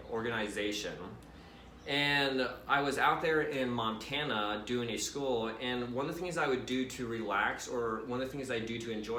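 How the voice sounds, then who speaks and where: A young man shares a personal testimony in a casual, lively way, talking straight to his viewers. His voice is bright and clear, at a middle pitch. The sound carries a noticeable room echo. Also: slight background noise. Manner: casual and animated, addresses viewers directly with "right?" and "you guys". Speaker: Christian vlogger.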